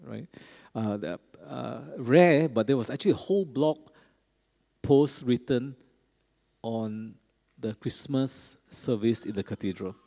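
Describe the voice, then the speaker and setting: A middle-aged pastor preaches a sermon in a large church, speaking conversationally and frequently checking in with the congregation, his words trailing the long reverb of the space. His voice is mid-range, unhurried, gravelly, and dark.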